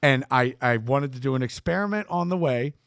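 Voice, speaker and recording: A man telling a long story as a podcast guest, rambling, swearing and animated. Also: mid-range voice, a little fast, smooth, no echo, clean studio sound. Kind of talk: storytelling in casual talk.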